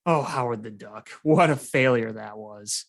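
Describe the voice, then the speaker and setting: A sports podcast co-host in casual chat, telling stories in an animated, ranting way. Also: medium pitch, a little slow, gravelly. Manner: animated storyteller, ranting about bad movies.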